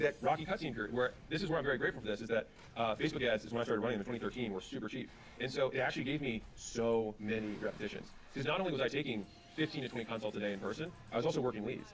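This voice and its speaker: A man speaking on business and sales, telling stories with quoted back-and-forth dialogue, then giving advice. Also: medium pitch. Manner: rapid, animated retelling with quoted dialogue. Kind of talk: storytelling advice talk.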